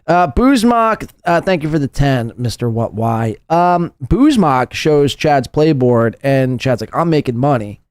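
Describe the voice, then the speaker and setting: A man's voice: mid-range voice, very animated, slow, hardly any pauses, darkish tone, smooth, no room sound. A man hosting a live podcast, mocking and profane in casual commentary. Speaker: podcast host.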